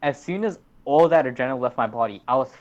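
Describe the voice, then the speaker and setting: A man's voice: mid-range voice, animated, fast. A teenage man, rambling through a story in casual podcast chat and swearing a lot. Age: teens. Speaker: podcast host. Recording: dull lo-fi recording.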